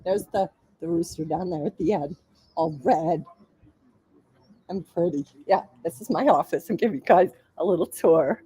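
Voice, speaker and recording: A woman hosting a casual live trading coaching session from her home office, chatty and quick to laugh. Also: on the low side, dark tone. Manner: chatty, laughs often, acts out quoted voices. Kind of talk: casual live-stream chat.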